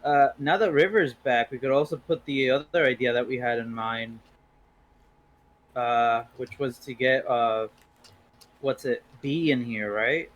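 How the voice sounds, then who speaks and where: Man, hesitant, halting speech, casual podcast chat. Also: medium pitch, a bit bright.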